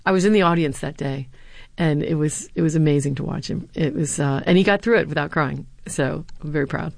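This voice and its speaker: Female former speechwriter and lecturer, low-pitched, earnest storyteller, dry studio sound. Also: fairly quick, gravelly, no room sound. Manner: earnest, anecdotal, with some fillers. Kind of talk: interview answers, storytelling.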